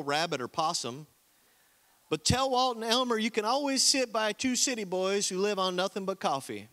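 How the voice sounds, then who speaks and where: A man's voice: high voice, bright, forceful tone, full character voice. A man voicing a naive young male country-boy Marine recruit with a put-on Southern accent, reading his letter home in a folksy drawl. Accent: American Southern (put on). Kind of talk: comic letter reading in a sermon.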